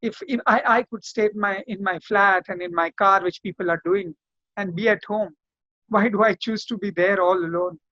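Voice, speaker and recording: A man's voice: sits high, steady tone, moderate pace, pushed and bright, dry recording. A man, a lawyer telling his story in an interview in an impassioned, repetitive way. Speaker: lawyer and activist guest. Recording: dull, lo-fi sound.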